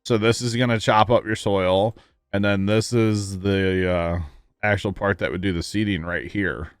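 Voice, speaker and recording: Casual male streamer, lowish voice, easygoing explainer who talks to chat. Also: clear, resonant tone, no room sound. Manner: chatty, reads chat aloud, explains farming gear. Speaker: livestream host. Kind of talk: casual gameplay commentary.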